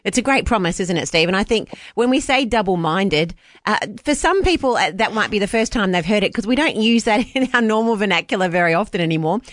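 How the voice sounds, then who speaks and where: A woman co-hosts a Christian TV show, putting questions to the guest quickly and lightly. Her voice sounds dry and close. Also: medium pitch, lively intonation, dry recording. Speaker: co-host. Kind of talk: Christian TV interview.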